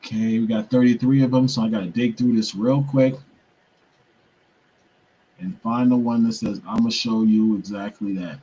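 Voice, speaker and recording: A man's voice: fairly low pitch, fairly even intonation, moderate pace, long pauses, dark tone, husky, lo-fi sound. A young man hosting a show, talking casually to viewers while he struggles with his computer, muttering and swearing to himself in frustration. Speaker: podcast host.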